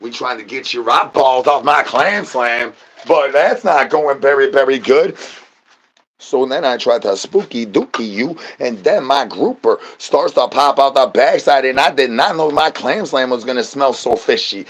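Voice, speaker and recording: Hosting his own stream, a man riffs through a rambling, absurd comedy monologue packed with slang. His medium-pitched voice is expressive at a normal speed, and his crude, joking patter keeps circling back to silly catchphrases.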